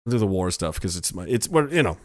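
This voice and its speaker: A man's voice: sits low, big pitch swings, quick pace, no room sound, clean studio sound. A man hosting a casual commentary show, talking in a sarcastic, profane way into a headset mic.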